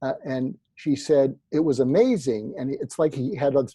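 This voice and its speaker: A man, a psychiatrist guest who tells animated anecdotes in an interview, acting out the quoted lines. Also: medium pitch, moderate pace, breathy edge, no room sound. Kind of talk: storytelling interview answers.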